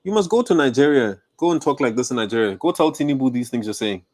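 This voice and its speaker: A man's voice: mid-range voice, lively intonation, fast, a little mellow. A man with a South African accent giving heated, confrontational reaction commentary, his voice rising when he gets angry. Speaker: online commentator.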